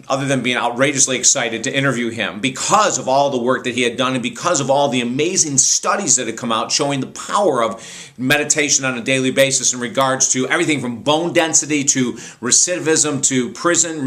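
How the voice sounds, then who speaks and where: Male radio host, bright tone, mid pitch, animated rambling storyteller. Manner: animated, rambling, frequent restarts. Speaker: radio talk show host. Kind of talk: personal storytelling monologue.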